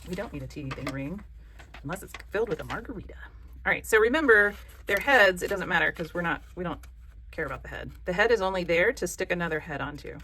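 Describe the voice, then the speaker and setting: A woman's voice: fairly low pitch, animated, fast, pushed and bright, husky. A woman with a Southern American accent hosts a casual craft tutorial, chatty, joking and encouraging. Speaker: craft channel host.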